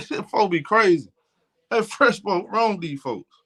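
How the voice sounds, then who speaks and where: Alabama guy on a sports stream, high bright voice, cussing and trash talking. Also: animated, unhurried, breathy edge. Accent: Southern US, Alabama. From Alabama, US South. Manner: blunt, profane trash talk. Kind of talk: casual live game commentary.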